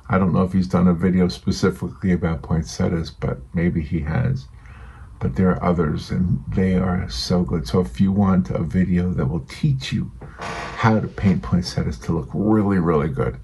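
A man's voice: low-pitched, vocal fry, dark tone, slightly rough, low-quality recording. A retired man in his sixties chatting in a rambling, self-deprecating way while he paints, getting a little emotional. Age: 60s. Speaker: hobby watercolor painter. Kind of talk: casual rambling chat.

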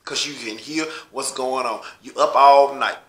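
A man from Los Angeles hosting his own rant show, swearing heavily and getting louder and higher as he heats up. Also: fairly even intonation, unhurried, roomy sound. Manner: swearing, heated, louder and higher when riled. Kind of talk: profane ranting monologue.

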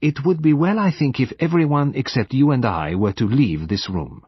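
A man voicing a stern, precise male detective who speaks with grave, measured authority. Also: mid-range voice, lively intonation, husky, no echo, muffled recording, pitched above the performer's own voice. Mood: commanding.

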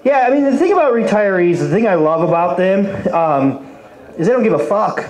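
A man's voice: sits high, animated, brisk, darkish tone, roomy sound, rough recording. A man in his forties doing a stand-up set at an open mic, rambling and crude. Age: 40s. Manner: rambling, lots of fillers and restarts, crude. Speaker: stand-up comedian. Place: brewery open mic stage.

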